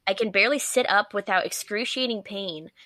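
A young woman co-hosting a casual chat, her voice bright and forward. She tells the story with animated exasperation and frequent laughter. The recording is dry and close, with almost no room sound. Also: mid-range voice, brisk, no room sound. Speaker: podcast co-host.

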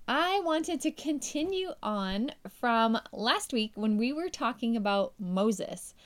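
Young woman, podcast host; casual, lively Bible teaching, laughs a lot, acts out quotes. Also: mid-range voice. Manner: chatty and animated, laughs often, acts out quotes.

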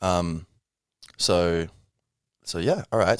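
A man's voice: sits low, moderate pace, fairly bright tone, smooth, no room sound, clean studio sound. A man hosting a casual solo podcast, rambling with many fillers and self-corrections. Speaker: podcast host.

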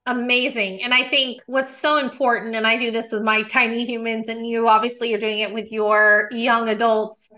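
Bright-voiced woman podcast host. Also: a little high, flat delivery, moderate pace, hardly any pauses, poor audio. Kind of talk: casual interview chat.

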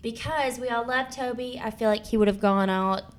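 A woman talking on a casual podcast, eager and jokey, jumping in with quick quips. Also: fairly high pitch. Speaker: podcast co-host or guest.

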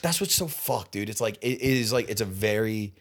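A young man chats casually on a podcast, rambling and stacking "like" and "dude" as he goes. His voice sits on the low side. He laughs easily between thoughts. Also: expressive, normal speed. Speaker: podcast guest, stand-up comedian. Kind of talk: casual chat.

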